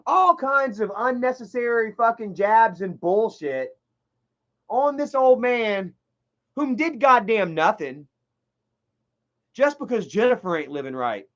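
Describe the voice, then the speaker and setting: This livestreamer has a high-pitched, fairly bright voice with big pitch swings, speaking unhurriedly with long pauses. He retells a story in heated, rambling fashion, swearing a lot and repeating himself, over a muffled recording.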